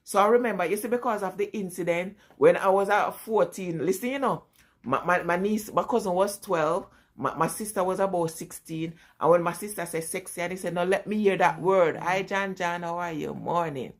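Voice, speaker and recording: A middle-aged woman with a Jamaican accent shares family stories in a casual vlog, often bursting into laughter. Her voice is on the low side and her pace is moderate.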